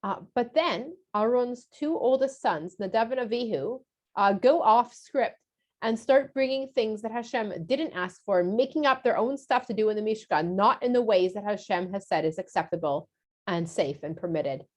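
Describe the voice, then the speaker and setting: A woman's voice: medium pitch, normal speed. A woman teaching a casual lesson for kids, chatty and explanatory with frequent filler sounds.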